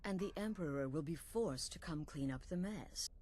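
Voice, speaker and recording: A woman voicing a scheming female assassin who lays out a murder plot in a calm, conspiratorial way. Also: sits low, normal speed, slight background noise. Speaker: game character.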